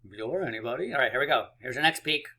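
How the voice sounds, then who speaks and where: A man teaching small children to count, upbeat and playful, with little sound effects between rounds. His voice is bright and forward, and his pitch sits in an ordinary middle range. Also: very fast. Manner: encouraging, playful, counts aloud. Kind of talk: math lesson for young children.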